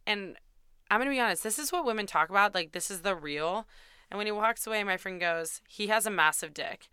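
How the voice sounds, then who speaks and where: A woman's voice: medium pitch, brisk, bright, forceful tone, clear, resonant tone, dry recording, clean studio sound. A young woman host telling a candid, self-deprecating dating story in a chatty way, swearing freely. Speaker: podcast host.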